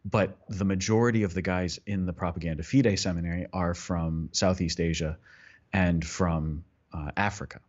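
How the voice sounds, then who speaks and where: A man's voice: low-pitched, steady tone, normal speed, darkish tone, dull audio. A man, a priest co-hosting a podcast, chatting casually and rambling through tangents with many restarts. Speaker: priest co-host.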